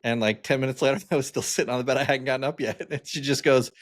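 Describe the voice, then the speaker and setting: Talking rapid-fire with few pauses, a forties-aged male podcast co-host at medium pitch swaps casual stories, full of fillers and frequent laughter.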